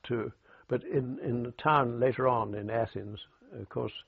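An older British man in an oral history interview, recalling wartime radio work in an anecdotal way with dry humour and halting restarts, heard over a tinny phone-like recording. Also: mid-range voice, gravelly, husky. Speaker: war veteran interviewee.

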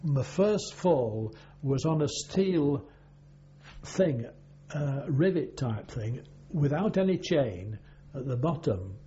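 An older man, a former navy sailor, recalling his service in an oral history interview, rambling and halting with many fillers. The recording is dull and lo-fi with a faint hum. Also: mid-range voice, animated, warm tone.

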